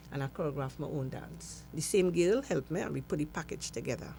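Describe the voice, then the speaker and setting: A woman's voice: fairly low pitch, animated, normal speed. Trinidadian woman, middle-aged, interview guest, storytelling, acts out dialogue, faint hum. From Trinidad and Tobago.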